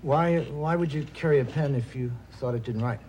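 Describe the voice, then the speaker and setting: A man playing a calm, gentle God. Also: mid-range voice, moderate pace, very noisy, close to an everyday voice. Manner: mild, hesitant, calm questioning. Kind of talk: 1970s television drama acting.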